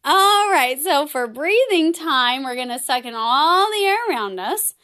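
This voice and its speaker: Bright, playful woman hosting a children's lesson. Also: high voice, very animated, unhurried, few pauses. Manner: gentle, playful and encouraging, laughs often. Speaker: children's program host. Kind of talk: children's lesson with song and breathing game.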